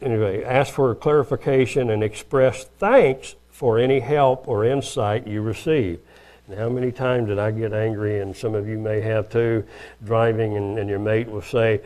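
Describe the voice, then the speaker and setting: Older man, preacher, folksy sermon, acts out quoted dialogue, middle pitch. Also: normal speed, darkish tone.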